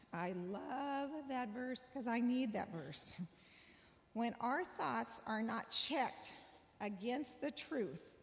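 A woman's voice: mid-range voice, vocal fry. Earnest woman teaching in an echoing hall. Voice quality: warm, earnest, laughs often. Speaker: Bible study teacher. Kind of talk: Bible study talk. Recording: long reverb of a hall.

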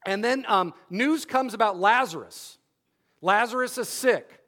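High-voiced lively male preacher. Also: measured pace. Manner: repeats key phrases for emphasis; lively with wry humorous asides. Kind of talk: sermon.

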